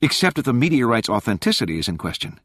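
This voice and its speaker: A man voicing a tense, quick-witted young woman scientist who stammers urgently. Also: medium pitch, big pitch swings, dry recording, clean studio sound, pitched above the performer's own voice. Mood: doubtful.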